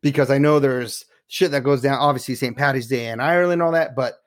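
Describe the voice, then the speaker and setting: A man's voice: mid-range voice, fairly even intonation, fairly quick. A man hosting a casual chat, laid-back and swearing freely as he asks questions.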